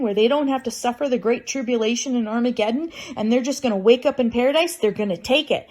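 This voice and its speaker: A woman's voice: sits high, darkish tone. A woman talking straight to camera in an emotional personal vlog, bitter and raw, with wry laughs between her points. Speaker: vlogger.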